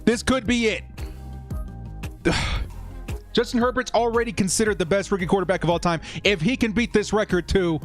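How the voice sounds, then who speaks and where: A young man hosting a live watch-party stream, chatting with viewers and getting excited over each play. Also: sits high, moderate pace, pauses often, faint music behind.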